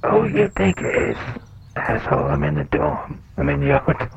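A man's voice: medium pitch, huge pitch swings, normal speed, gravelly, heavily acted. A man voicing a casual, greedy male troll, heard over a phone speaker. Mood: offhand. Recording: muffled phone-speaker sound with faint noise.

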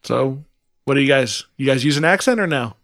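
A man's voice: mid-range voice, lively intonation, brisk, a bit bright, no echo, studio quality. A man co-hosting a podcast, chatting casually with an enthusiastic, joking manner and some stammering. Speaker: podcast co-host. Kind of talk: casual comedy chat.

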